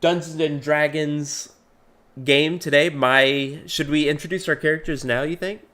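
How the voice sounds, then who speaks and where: A man's voice: a little high, steady tone, unhurried, sharp tone. Goofy playful man hosting a stream. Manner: playful, goofy, laughing a lot. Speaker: host. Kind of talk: casual chat hosting a livestream.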